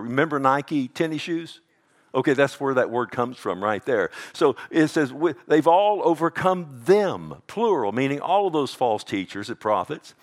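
A male pastor delivering a sermon, swinging between loud emphatic bursts and hushed intensity and calling out to the congregation. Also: mid-range voice. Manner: calls out "Amen?" to the congregation.

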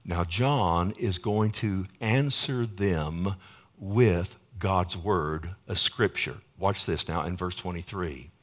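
A man preaching a sermon, switching between loud, emphatic declarations and quiet, hushed passages, and often asking the congregation "Amen?". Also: sits low, takes it slowly.

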